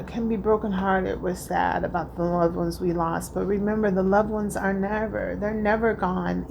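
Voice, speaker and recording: With vocal fry and a darkish tone in her mid-range voice, a tarot reader offers an earnest spiritual reading over a faint hiss or hum. Her manner is heartfelt and emotional; she repeats things and keeps asking after her listeners.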